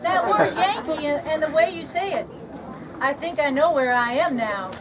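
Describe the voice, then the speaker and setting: Actress as a high-voiced, wondering Alice, heard from a distance over a noisy crowd. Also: female voice, normal speed, natural voice. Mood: puzzled. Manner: polite, wondering, questioning. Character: puzzled young woman Alice, polite outsider. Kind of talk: outdoor live stage comedy skit. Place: outdoor reenactment event. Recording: distant voice amid outdoor crowd.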